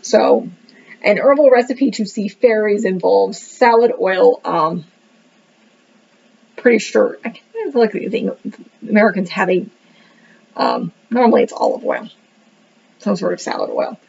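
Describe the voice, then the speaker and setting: Gravelly, animated woman reviewing a book. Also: medium pitch, a little slow, long pauses. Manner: rambling, thinking aloud, says "what the heck" a lot. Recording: dull lo-fi recording.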